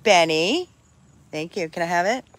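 An older dog rescuer chatting at home while playing with a puppy, breaking into high coaxing calls to the dog. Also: animated, normal speed, fairly bright tone. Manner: talks to the dog in high coaxing calls between plain remarks. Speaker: dog rescuer showing a dog for adoption. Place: home with a dog, in hot weather.

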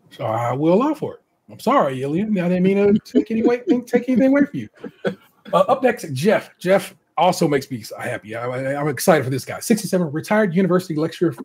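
An American man hosting a podcast in casual chat, reading contestant bios aloud with chatty, animated asides and frequent laughter. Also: a little high, slight background noise. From United States. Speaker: podcast host.

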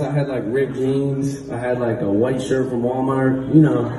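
A man's voice: mid-range voice, fairly even intonation, normal speed, few pauses, far from the mic, background noise. A man with the hiccups joking loosely with his concert audience from the stage, laughing between sentences, heard through live concert audio. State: has the hiccups. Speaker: rapper addressing a concert crowd. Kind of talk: casual stage banter. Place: large concert venue, on stage. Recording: echoey live concert audio, loud crowd.

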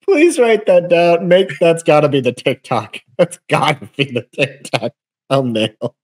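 A man's voice: on the high side, animated, a little slow. A young man co-hosting a casual comedy podcast, bantering playfully and laughing often. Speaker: podcast co-host.

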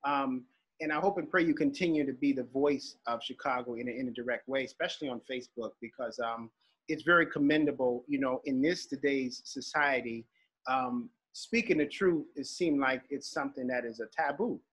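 An earnest male podcast host who hesitates often, filling his questions and praise with ums. His voice has a husky, slightly rough texture at a middle pitch. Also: normal speed, a bit bright.

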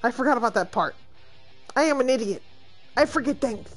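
Excitable woman streamer, lively pitch. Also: fairly quick, soft background music. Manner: excitable, exclaims and laughs often. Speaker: let's play streamer. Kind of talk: gaming commentary.

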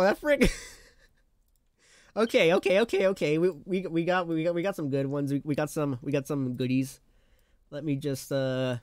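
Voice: mid-range voice, darkish tone, clean tone, no echo, studio quality. A live streamer chatting casually with chat, laughing often and talking in playful slang.

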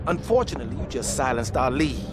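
An actor playing a smooth, sarcastic hustler in a video game cutscene. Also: male voice, medium pitch, very animated, quick pace, natural voice. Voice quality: wry, sarcastic. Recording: game cutscene with street noise.

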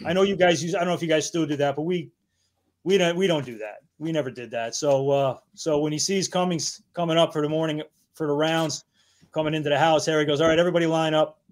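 A man in his fifties with a voice a little higher than most men. He tells loose, rambling stories, laughs often and swears casually. It is a relaxed podcast chat. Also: fairly quick. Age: 50s. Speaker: guest, battalion chief. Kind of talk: casual anecdote-telling.

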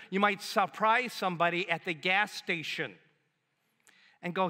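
A man preaching a sermon as a pastor, animated and conversational, acting out little quotes as he goes. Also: high voice, normal speed. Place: church sanctuary. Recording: long hall reverb in a church.

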